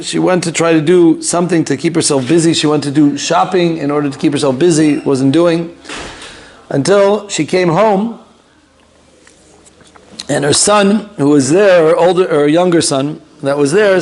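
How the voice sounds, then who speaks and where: Animated male rabbi telling a story. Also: fairly high pitch. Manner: animated storyteller, loose, with fillers and asides. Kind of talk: storytelling lesson.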